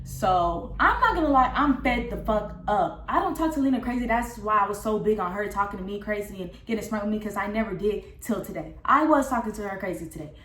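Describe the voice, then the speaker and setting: A young woman telling a casual storytime vlog, recounting a falling-out in a candid, profane and animated way. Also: mid-range voice, a little fast, hardly any pauses, a little hiss or hum. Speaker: vlogger. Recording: roomy echo.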